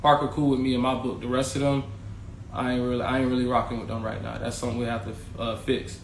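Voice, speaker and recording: A man's voice: medium pitch, little pitch movement, fast talker, creaky, a little hiss or hum. Slangy, candid man telling a story. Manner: candid, slangy, swears freely, addresses viewers as y'all. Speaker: podcast host, former teacher. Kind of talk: casual storytelling to camera. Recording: echoey room with faint ambience.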